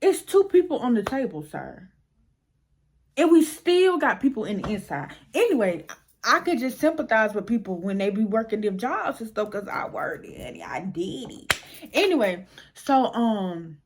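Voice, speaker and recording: A young woman vlogger telling a casual storytime tale, animated and slangy, acting out the people in it. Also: on the high side, normal speed, slight background noise. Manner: animated, slangy, acts out voices.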